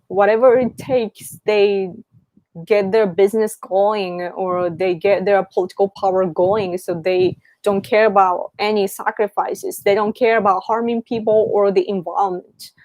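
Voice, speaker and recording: A Japanese woman in her thirties speaks English with a Japanese accent, hosting a casual live-stream Q&A. She talks slowly, often stopping to search for the right word. Her voice sounds dry and close, with no room around it. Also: medium pitch, a little mellow, no room sound. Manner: rambling, searching for words.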